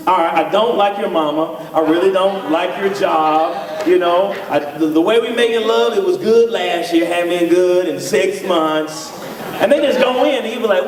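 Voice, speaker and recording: A man with a high voice tells funny marriage stories to a church audience, acting out both sides of each exchange. He is recorded from a distance in a big echoing hall. A crowd laughs along behind him. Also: moderate pace. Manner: storytelling, acts out dialogue in voices. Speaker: psychologist speaking to couples. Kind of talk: humorous church talk. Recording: echoey church hall, mic from afar, audience.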